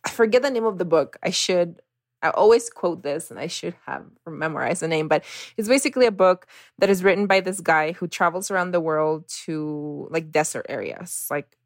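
A woman in casual conversation, expressive and soft-spoken at times, rising high when quoting herself. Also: normal speed, dry recording, clean studio sound.

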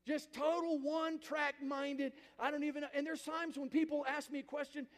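Male pastor, high-pitched, emphatic call-and-response sermon, reverberant church hall. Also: flat delivery, moderate pace. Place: church sanctuary.

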